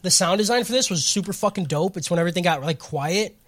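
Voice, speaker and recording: Profane, excitable male podcast host. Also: high voice, quick pace. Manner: profane, excitable, laughs often. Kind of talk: casual recap chat.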